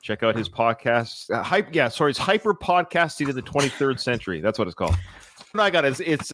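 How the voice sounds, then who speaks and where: A man's voice: medium pitch, lively intonation, fairly quick, fairly bright tone. A man hosting a podcast in casual chat, chatty and jokey, often correcting himself. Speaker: podcast host.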